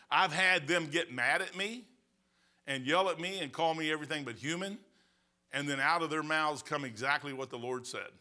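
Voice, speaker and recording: Bright-voiced preacher man in his sixties. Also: a little high. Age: 60s. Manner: emphatic, folksy storytelling with asides. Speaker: pastor. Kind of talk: sermon.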